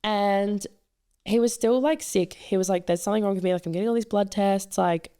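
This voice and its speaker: A woman's voice: mid-range voice, fairly quick, dark tone, clear, resonant tone. A woman, a podcast guest, telling a dating story in chatty casual talk full of fillers. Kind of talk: casual chat.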